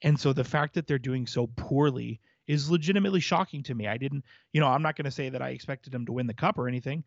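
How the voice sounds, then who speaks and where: A man's voice: medium pitch, fast, no room sound, dull audio. A man co-hosting a hockey podcast in casual chat, laying out his points at length in an analytical way. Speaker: podcast co-host.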